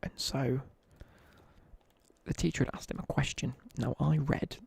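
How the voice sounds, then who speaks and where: A young British man rambles through cheeky school anecdotes on a live stream, full of slang and asides. His voice is gravelly and husky with a dark, mellow tone. The sound is close and dry. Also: mid-range voice, level tone, a little slow, dry recording, whispered. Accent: British English. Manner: chatty, laddish anecdotes with slang, asides while gaming. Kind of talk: casual live-stream storytelling.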